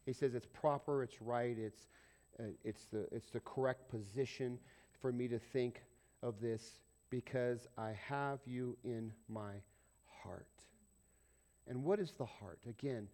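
Speaking unhurriedly in a mid-range voice with fairly even intonation, a male pastor preaches a conversational, dramatic sermon. He swings from loud urging to near-whispers and often asks the congregation questions.

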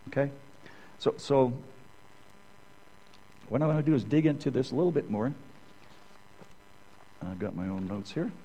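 A middle-aged man gives a loose, conversational sermon, drifting into personal anecdotes. He rambles, restarts his sentences and keeps checking in with his listeners. His pitch sits in an ordinary middle range. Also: lively intonation, normal speed, long pauses, dark tone, low-quality recording. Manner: rambling, keeps asking "okay?". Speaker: Bible teacher.

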